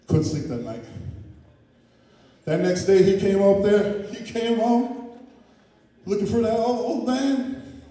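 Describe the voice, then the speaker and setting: A man telling a story to a gathering, with an animated, playful delivery. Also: sits high, measured pace, long pauses. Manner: animated, playful, voices his characters. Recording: echoey hall from far off.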